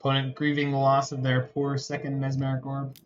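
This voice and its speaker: A man's voice: mid-range voice, monotone, a little fast, lo-fi sound, slight background noise. Wry man streaming a card game. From Canada. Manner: wry, joking, answers chat. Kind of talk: casual gameplay commentary.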